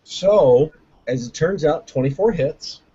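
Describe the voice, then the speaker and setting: A man's voice: fairly high pitch, expressive, takes it slowly, warm tone, slightly rough. A man playing in a tabletop game, playful and full of rules questions. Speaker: player. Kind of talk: casual tabletop play. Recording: dull lo-fi recording.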